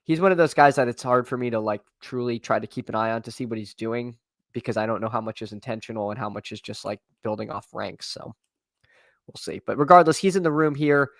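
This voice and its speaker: A man's voice: mid-range voice, a little fast, no room sound, clean studio sound. A man streaming fantasy football drafts, talking casually to his chat with lots of restarts and fillers, his voice getting tired. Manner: rambling, many restarts and fillers, talks to chat. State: voice tiring. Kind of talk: casual live-stream commentary.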